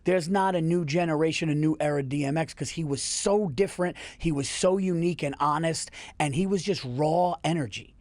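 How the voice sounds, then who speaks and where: A man's voice: fairly high pitch, fairly quick, hardly any pauses, a little mellow, dry recording. A man hosting a podcast in easygoing, casual chat. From Yonkers, New York. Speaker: podcast host.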